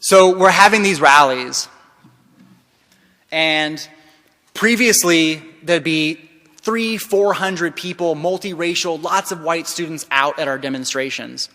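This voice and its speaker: A man's voice: on the high side, takes it slowly. Impassioned man in a reverberant hall. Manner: impassioned, shifts from hushed to loud. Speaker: keynote speaker. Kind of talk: conference keynote storytelling.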